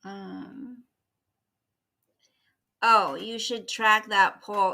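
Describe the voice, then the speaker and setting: A woman's voice: on the high side, unhurried, bright, forceful tone. A middle-aged woman hosting a casual livestream, rambling through a story and greeting viewers by name as they arrive. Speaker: livestream host chatting with viewers.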